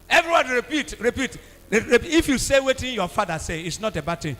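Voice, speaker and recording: High-voiced Nigerian pastor preaching in a hall. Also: male voice, very animated, fast. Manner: call-and-response preaching, swings from low talk to shouts. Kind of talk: sermon. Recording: reverberant hall with faint hum.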